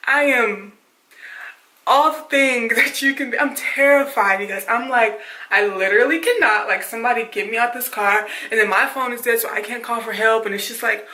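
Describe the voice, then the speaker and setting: A woman vlogger with a bright, ringing voice tells a dramatic story. She is animated and talks in a casual way full of fillers. The room is roomy and echoey. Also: a little high, moderate pace.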